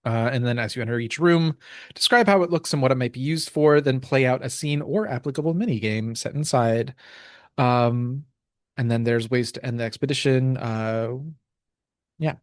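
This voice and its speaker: A man reading game rules aloud and describing scenes in a relaxed way, with many fillers. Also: mid-range voice, normal speed, no echo, clean studio sound. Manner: relaxed, full of ums and uhs. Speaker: tabletop game player.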